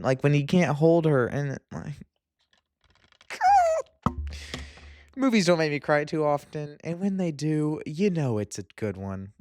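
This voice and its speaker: A young man casually reviewing and ranking movies in a vlog, excitable and gushing, quick to laugh. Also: on the high side, dry recording, studio quality.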